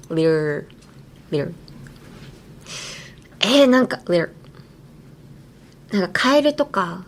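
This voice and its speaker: Brief: woman host, chatty and giggly English-pronunciation teacher, studio mic. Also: medium pitch. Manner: chatty and giggly, many "like" fillers. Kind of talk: casual teaching chat. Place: radio station studio.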